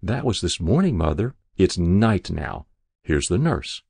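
A man's voice: sits low, big pitch swings, unhurried, vocal fry, darkish tone, breathy edge, dry recording, clean studio sound, full character voice. A man reading aloud, voicing a patient, worried grown daughter at her mother's bedside. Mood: soothing.

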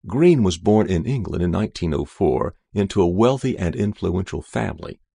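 A man narrates a short story at an unhurried, measured pace. His voice sits very low. The recording is dry, with no room sound. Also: lively intonation, creaky, mellow, husky, no room sound. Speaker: story reader.

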